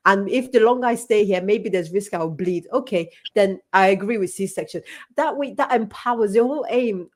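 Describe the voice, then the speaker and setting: A woman's voice: mid-range voice, normal speed, a little mellow. A woman in her thirties, a health professional, talking candidly in a live panel discussion and laughing often.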